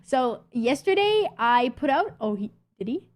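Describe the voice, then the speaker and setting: A woman's voice: high voice, very animated, a little slow. A woman livestreaming and chatting with her viewers in a playful, teasing way, swearing freely. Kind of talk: casual chat.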